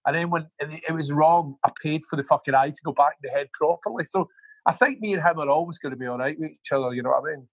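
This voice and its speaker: A man's voice: a little high, quick pace, slightly rough, no room sound, muffled recording. A man, a music manager guest, telling rambling, profane anecdotes in a casual interview.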